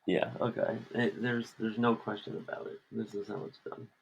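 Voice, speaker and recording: A man's voice: lowish voice, fairly even intonation, normal speed, gravelly, lo-fi sound, a little hiss or hum. A man co-hosting a podcast, chatting casually while lettering a comic page. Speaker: comic artist and podcast co-host.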